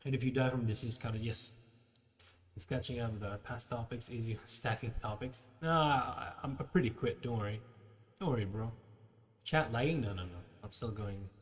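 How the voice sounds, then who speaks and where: A man's voice: mid-range voice, normal speed, in a large hall. Laid-back slangy male streamer. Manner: laid-back, slangy, reading chat aloud. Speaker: livestream host. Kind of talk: casual livestream chat.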